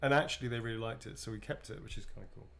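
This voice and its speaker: A man's voice: fairly low pitch, racing, gravelly, fairly bright tone. A middle-aged man from England chatting casually while signing autographs, laughing often and swearing freely. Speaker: actor signing autographs on a livestream. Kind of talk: casual chat.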